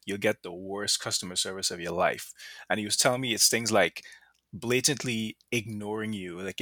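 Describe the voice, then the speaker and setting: A man co-hosting a casual chat, telling anecdotes in an animated way and laughing now and then. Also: on the low side, no room sound, studio quality. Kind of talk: casual conversational storytelling.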